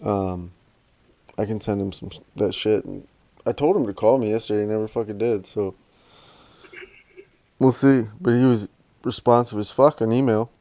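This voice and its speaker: A laid-back man chats on a casual podcast, swearing easily. His voice sits fairly low and has a mellow, relaxed tone. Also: moderate pace, long pauses. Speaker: podcast co-host. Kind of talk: casual chat.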